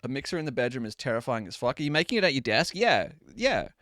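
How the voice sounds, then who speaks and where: A man in his twenties chatting casually with viewers on a live stream, animated and quick to swear. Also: medium pitch, dry recording, studio quality. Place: at home at his desk.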